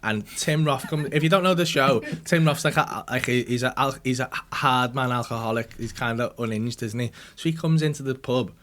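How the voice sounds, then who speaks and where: A man's voice: medium pitch, brisk, few pauses. A man hosting a podcast, telling a sweary story and acting out the other people's lines. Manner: animated, sweary anecdote-telling, acts out quotes. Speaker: comedian and podcast host. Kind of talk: casual storytelling with a studio audience. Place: podcast studio with live audience.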